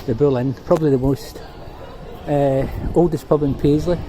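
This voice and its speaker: A middle-aged Scottish man rambles cheerfully through his memories while walking a city street. His voice sits a little high but has a warm, mellow tone. Faint traffic hums behind him, picked up by a handheld phone. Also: steady tone, moderate pace, poor audio. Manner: rambling, reminiscing, chatty. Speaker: vlogger. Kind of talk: walking tour vlog.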